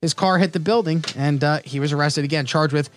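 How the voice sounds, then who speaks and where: Host type: young man, a bit high-pitched, joking, reads stories aloud in loose banter. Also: brisk, a little hiss or hum. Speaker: podcast host running a crime guessing game. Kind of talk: casual comedic chat.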